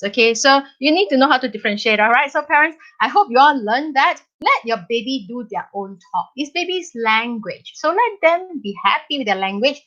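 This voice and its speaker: Middle-aged Singaporean woman, chatty live-stream parenting educator, higher voice, muffled lo-fi audio. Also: moderate pace. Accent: Singaporean English. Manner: animated, chatty, repeats "okay?" and "right?".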